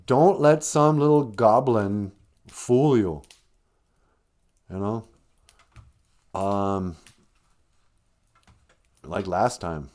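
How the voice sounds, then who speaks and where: A man's voice: lowish voice, drawn-out words, pauses often, darkish tone. A man voicing an exasperated, poor mother who nags and scolds her son in a told folktale. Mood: scolding. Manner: scolding, nagging.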